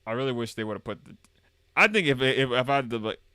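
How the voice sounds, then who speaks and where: A man's voice: medium pitch, animated, fast talker, sharp tone, smooth, dry recording. A man streaming a game, chatting casually, reading dialogue aloud and joking in a rambling, repetitive way. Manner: rambling and jokey, reads game dialogue aloud and repeats himself.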